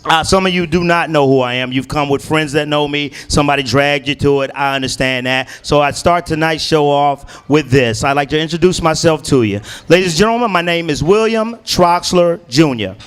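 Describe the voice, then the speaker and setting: High-voiced loud stand-up comic man. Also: fairly quick, few pauses, smooth. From Washington, D.C. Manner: loud, punchy and profane. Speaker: stand-up comedian. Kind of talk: stand-up comedy set. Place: comedy stage.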